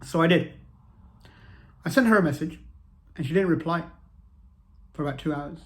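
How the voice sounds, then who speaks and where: A man's voice: fairly high pitch, normal speed. A man, telling a personal story to camera in an earnest way and repeating phrases for emphasis. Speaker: motivational vlogger.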